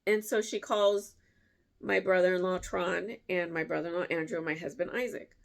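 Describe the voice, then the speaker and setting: A woman vlogger telling a story in a casual way, animated, laughing often and jumping her voice up to act out what people said. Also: normal speed, gravelly. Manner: animated, acts out quotes with big pitch jumps.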